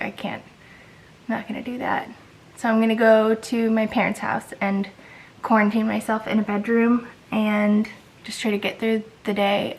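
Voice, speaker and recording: A woman's voice: on the high side, creaky, poor audio. A sick woman with a congested voice, chatting casually and rambling through a home vlog. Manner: tired, rambling, many likes and restarts. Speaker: vlogger.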